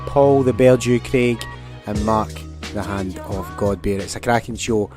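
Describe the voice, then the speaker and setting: A man's voice: fairly low pitch, unhurried, a little mellow, soft background music. A man hosting a podcast, reading a scripted show intro in an upbeat, promotional way. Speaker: podcast host.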